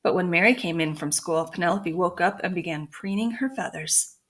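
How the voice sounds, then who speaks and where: A woman teacher reading a children's chapter book aloud to her students, clear and expressive. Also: lowish voice, moderate pace. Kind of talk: storybook read-aloud.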